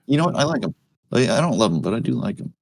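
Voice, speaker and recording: A man in casual chat, animated and blunt, joking and swearing with his co-host. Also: medium pitch, very fast, creaky, slightly rough, no echo.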